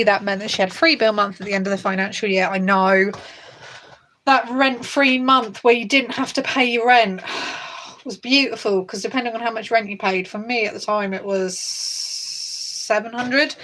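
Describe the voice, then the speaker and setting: A woman's voice: medium pitch, a bit bright. A young woman hosting a budgeting channel, chatting casually to camera in a rambling way with many fillers and restarts.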